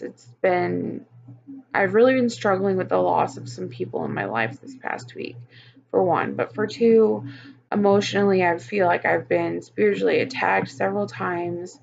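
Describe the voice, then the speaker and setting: A woman's voice: medium pitch, gravelly, a little mellow, muffled recording, a little hiss or hum. A woman talking frankly on her personal vlog, venting about her week and swearing often. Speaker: vlogger.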